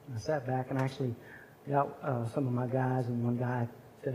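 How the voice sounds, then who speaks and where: A man's voice: mid-range voice, level tone, brisk, dark tone, a little hiss or hum. A man speaking at a chapel service, telling a personal story in an earnest, conversational sermon.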